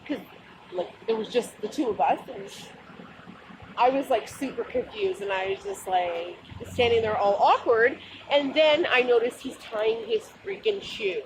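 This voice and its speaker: A woman's voice: on the high side, a little slow, background noise. A woman vlogger telling a funny, embarrassing story in a rambling, casual way, full of fillers, from a bus stop outdoors.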